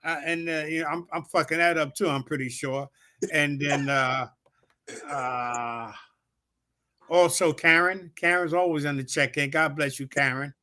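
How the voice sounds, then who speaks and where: A man hosting a casual talk show, reading shout-outs in a laid-back, swearing style. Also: on the high side, fairly even intonation, measured pace. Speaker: host.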